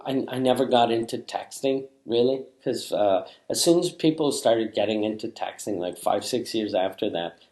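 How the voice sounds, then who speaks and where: A French Canadian man, a comedian, tells a rambling story in a low voice and swears freely. He often restarts his sentences and fills them with "uh". The room has a roomy echo. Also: normal speed, hardly any pauses, darkish tone. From Quebec, Canada. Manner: rambling, profane, many restarts and fillers. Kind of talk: casual storytelling.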